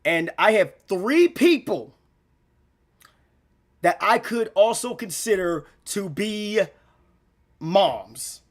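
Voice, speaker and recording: Speaking straight to camera, a young gaming-channel vlogger delivers an emotional, rambling monologue full of slang and repetition, close to tears. His voice is high with lively intonation, and he talks slowly with frequent pauses.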